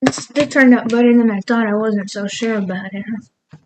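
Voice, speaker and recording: This woman's voice is on the high side, steady in tone and moderate in pace, with background noise behind it. A cooking vlogger at home in her kitchen, she casually talks through a recipe, rambling and chuckling at herself.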